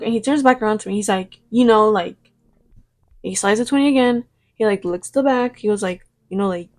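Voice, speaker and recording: Young woman vlogger, casual storytime, rambly and profane, mid pitch. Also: brisk, darkish tone. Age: young adult. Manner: rambling, swears freely, mimics her own past replies. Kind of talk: get-ready-with-me storytime chat.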